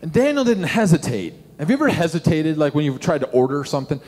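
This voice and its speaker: A middle-aged man, a pastor preaching a sermon and telling animated stories with questions to the congregation. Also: on the high side, quick pace. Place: church sanctuary. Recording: long hall reverb.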